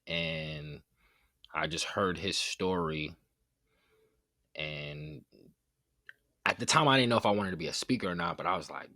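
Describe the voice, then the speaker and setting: A man's voice: low-pitched, measured pace, long pauses, dry recording. A man, a former football player, telling a personal story as a podcast guest in an earnest, conversational way. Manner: earnest, conversational, drops to quiet reflection.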